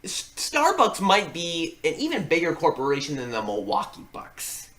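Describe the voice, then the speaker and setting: Male co-host, lively sports talker, bright tone, lots of pitch movement. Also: normal speed. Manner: animated, laughs often while talking. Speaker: podcast co-host. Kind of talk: casual sports chat.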